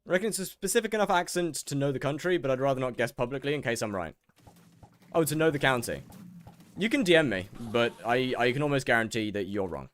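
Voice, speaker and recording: A young man streams a game and answers his viewers in a wry, sarcastic tone. His voice swings up and down with lively inflection while he chats. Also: mid-range voice, fast talker, no echo. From England. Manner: banters with chat, wry and sarcastic. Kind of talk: casual chat with viewers while gaming.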